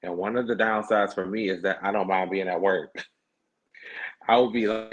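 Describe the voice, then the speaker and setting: A man's voice: on the low side, fairly even intonation, a little slow, long pauses, a little hiss or hum. A man hosting a podcast livestream, chatting casually in a sassy, slangy way. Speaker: podcast host. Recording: dull lo-fi stream audio.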